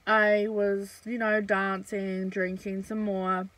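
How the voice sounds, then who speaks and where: A young woman vlogging a casual storytime, chatty and blunt, swearing freely and filling pauses with "um" and "like". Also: medium pitch, flat delivery, fairly bright tone, no room sound, low-quality recording.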